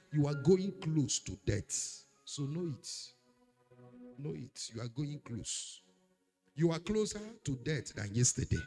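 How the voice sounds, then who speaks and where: A man preaching a sermon, swinging between loud declarations and hushed warnings. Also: fairly high pitch. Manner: dramatic, swings from shouting to hushed. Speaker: pastor.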